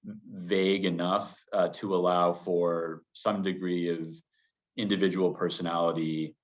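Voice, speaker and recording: A man being interviewed as a business guest, answering in a measured way full of qualifiers. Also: sits low, little pitch movement. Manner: measured, hedging with many qualifiers. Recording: dull lo-fi sound.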